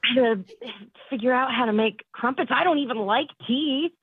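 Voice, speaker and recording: A woman's voice: fairly high pitch, normal speed, crowd noise. A woman from Ohio on a phone call, putting on a prim fake British accent that slips into sheepish plain American talk. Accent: fake British put on by an American. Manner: prim, overly formal then sheepish. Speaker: caller on a radio prank call. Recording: tinny phone line.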